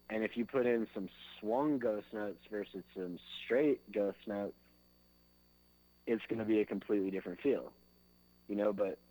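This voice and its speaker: A man's voice: fairly low pitch, a little mellow, rough recording. A man, a drummer being interviewed, talking in a loose, rambling way full of fillers, sometimes singing drum beats with his mouth. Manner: loose and rambling, fills with "like" and "you know". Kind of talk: casual interview chat.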